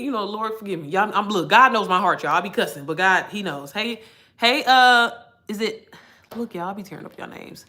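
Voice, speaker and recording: A woman's voice: medium pitch, quick pace, sharp tone. A woman mentoring in digital marketing, talking candidly and casually to her livestream viewers, cussing freely and calling them y'all.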